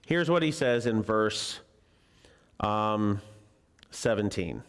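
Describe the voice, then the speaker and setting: A man's voice: fairly low pitch, slow, long pauses, clean tone. A male preacher teaching a Bible lesson in a church in a chatty, joking way, often putting questions to the congregation. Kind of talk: conversational sermon. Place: church sanctuary.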